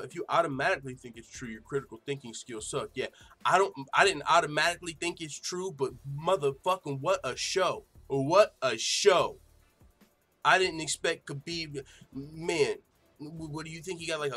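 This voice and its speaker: A man hosting a casual livestream show, reading viewer comments aloud and reacting in an animated, profane way, laughing often. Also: medium pitch. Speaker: MMA show host.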